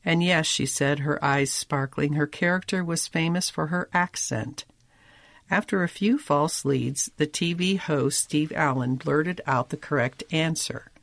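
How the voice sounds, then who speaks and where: A man giving scripted narration of a magazine feature, with a measured, articulate reading and wry emphasis. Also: on the high side, creaky, a bit bright, no echo.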